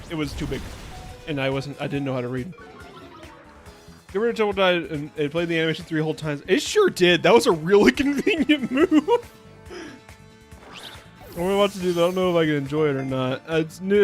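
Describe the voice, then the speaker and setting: A man's voice: on the high side, lively intonation, brisk, long pauses, soft background music. A man streaming a video game, talking casually with rambling jokes and frequent bursts of laughter. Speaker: VTuber streamer. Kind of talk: casual let's-play commentary.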